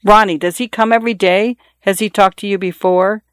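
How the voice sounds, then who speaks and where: A narrator voicing a frightened young caretaker who speaks in urgent, pleading bursts in an audiobook. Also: female voice, mid-range voice, steady tone, fairly quick, no room sound, clean studio sound, voice pushed up, natural voice. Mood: anxious. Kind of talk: audiobook character voice.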